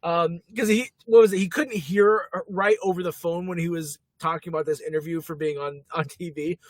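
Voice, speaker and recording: A man co-hosting a podcast in casual chat, laughing often and filling pauses. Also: a little high, steady tone, dry recording. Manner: chatty, laughs often, many fillers. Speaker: podcast co-host.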